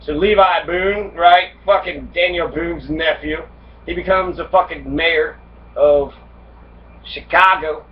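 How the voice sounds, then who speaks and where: A man's voice: on the high side, slow. Profane man lecturing from a distance. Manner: reads passages then riffs with heavy profanity; acts out immigrants' complaints in angry voice. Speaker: history lecturer. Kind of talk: profane casual history lecture. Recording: dull distant lo-fi recording with faint noise.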